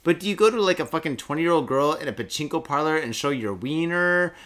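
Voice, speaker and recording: A man co-hosting a podcast, reading news items aloud and mocking them with crude jokes. His voice is bright and swings up and down a lot. He swears freely and talks casually. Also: on the high side, animated, brisk. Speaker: podcast co-host.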